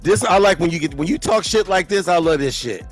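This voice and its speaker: High-voiced fired-up man in his fifties. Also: fairly quick, soft background music. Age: 50s. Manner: emphatic, preachy, fired-up. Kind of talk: casual livestream talk.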